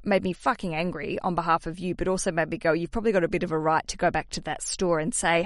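An Australian woman in her mid-thirties hosts a podcast in a loose, chatty way. She swears freely and her voice leaps into high, excited bursts. The recording is dry and close, with no room sound. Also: fast, hardly any pauses, no echo. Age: mid-30s. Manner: animated, swearing, jumps into high excited peaks. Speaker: podcast host. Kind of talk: casual podcast chat.

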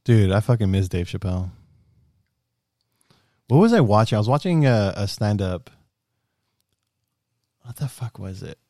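A man's voice: on the low side, very animated, measured pace, long pauses, dark tone, dry recording, studio quality. A young man co-hosting a casual podcast, swearing a lot and laughing often. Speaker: podcast co-host. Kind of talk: casual chat.

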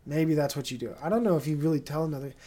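Rambling, swearing man, slightly high voice. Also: racing, dark tone. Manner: rambling and profane, full of fillers and tangents. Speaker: podcast host. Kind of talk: casual solo podcast monologue.

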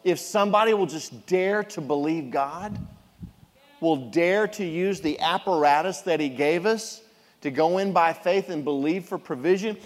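A middle-aged man preaching a sermon as a pastor, animated and jokey as he tells the story. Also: on the high side, a little slow. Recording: long reverb of a large hall.

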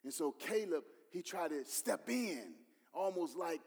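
A man's voice: high-pitched, sing-song, unhurried, hardly any pauses, darkish tone, slightly rough. A man, his words ringing out with a long echo. He builds in intensity and slips into the voices of others. The sermon unfolds in a reverberant hall. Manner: preaching with rising intensity, acting out voices of others. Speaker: pastor.

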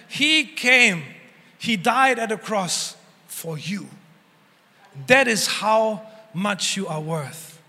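A man's voice: high-pitched, sharp tone, long reverb tail. A man preaching a sermon as pastor, earnestly, with emphatic repetition and voiced prayers. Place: church hall.

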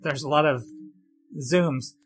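Man, podcast co-host, casual film commentary, rambling, halting, laughs often. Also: fairly high pitch, soft background music.

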